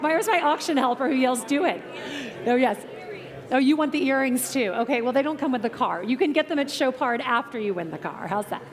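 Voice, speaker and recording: A woman working as an auctioneer at a live car auction, calling bids in brisk patter and teasing the bidders. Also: sits high. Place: auction tent at an outdoor car show.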